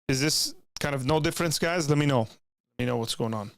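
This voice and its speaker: A young man chats with his stream viewers in a loose, rambling way, often restarting his sentences. His voice is gravelly and fry-filled at an ordinary pitch. The sound is close and dry, from a desk microphone. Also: steady tone, a little fast, a bit bright, no echo. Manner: rambling, many restarts and asides. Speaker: streamer reading chat. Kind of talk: casual live-stream chat. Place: home room with bookshelves. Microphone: desk microphone, leans in close.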